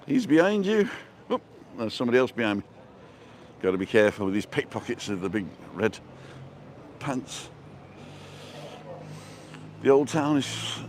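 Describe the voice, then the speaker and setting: A man's voice: medium pitch, slight background noise. Chatty middle-aged man streaming live outdoors. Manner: chatty, reads out viewer comments and jokes. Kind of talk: casual live-stream chat. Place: outdoors on town streets and a square.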